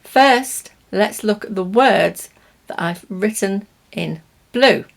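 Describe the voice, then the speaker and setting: A woman with a British accent teaching English pronunciation, speaking slowly and deliberately, stressing each word for learners. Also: medium pitch, vocal fry. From Britain. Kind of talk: language lesson to camera.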